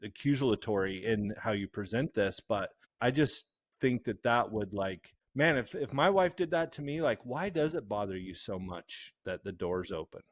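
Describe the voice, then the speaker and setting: A man's voice: fairly low pitch, expressive, no room sound. A man talking as a guest on a podcast, thinking aloud and restarting his sentences as he goes. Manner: reflective, halting, with repeated restarts. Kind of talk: casual conversational podcast talk.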